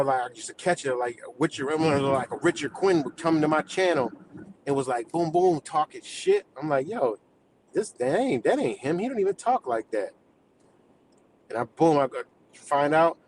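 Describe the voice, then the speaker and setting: A man's voice: on the high side, slight background noise, rough recording. A man ranting on a live stream in a rambling, profane, heated way, talking to his chat viewers.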